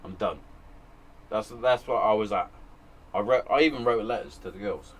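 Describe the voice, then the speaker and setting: A man's voice: on the low side, brisk. A man hosting a podcast from his shed, speaking frankly and emotionally about hard times, with plenty of swearing. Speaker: podcast host. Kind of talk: candid casual chat. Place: home shed.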